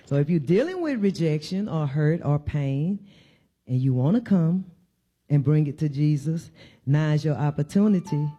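Woman giving a warm, repetitive sermon. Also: sits low, lively intonation, moderate pace, muffled recording. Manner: conversational preaching with repeated emphatic phrases. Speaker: church speaker. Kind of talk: informal sermon. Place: church.

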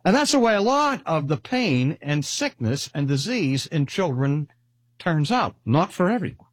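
A husky-voiced older man delivers an earnest sermon. His pitch swings widely as he presses each point, and he draws the important phrases out slowly. The sound is close and dry. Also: sing-song, dry recording. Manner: earnest, slowing down to stress key phrases. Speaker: preacher.

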